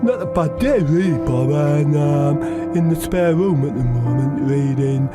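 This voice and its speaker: A man's voice: a little high, lively intonation, unhurried, over loud music. A man co-hosting a comedy podcast, rambling in character, his talk full of 'you know' and 'like'.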